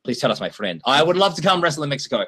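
A man hosting a livestream and answering viewer questions in a chatty, animated way, often laughing. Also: on the high side, rapid-fire, breathy edge. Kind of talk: casual chat.

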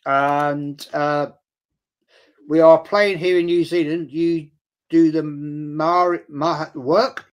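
A middle-aged man chats bluntly on his livestream and reads out comments from viewers. His voice sits a little on the high side for a man. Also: steady tone, drawn-out words, clear, resonant tone. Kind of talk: casual livestream chat.

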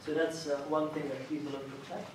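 A man's voice: fairly high pitch, level tone. A man giving an academic colloquium talk, explaining step by step and checking in with "right?". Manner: measured, explanatory, frequent "right?" check-ins. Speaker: lecturer. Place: lecture room. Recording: echoey hall, mic far off, faint hiss.

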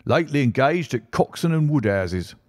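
A man voicing a brisk, flattering middle-aged financial agent who talks in a clipped, persuasive way, in an audiobook. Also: mid-range voice, dry recording, clean studio sound. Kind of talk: audiobook character reading.

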